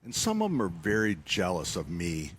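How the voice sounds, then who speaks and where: A man with a lowish voice chats loosely on live radio, trailing off and circling back as he jokes. He talks like a store owner plugging his garden center, teasing himself as he goes. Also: wildly swooping pitch, normal speed, heavy background noise. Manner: joking, rambling, self-mocking. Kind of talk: casual radio chat.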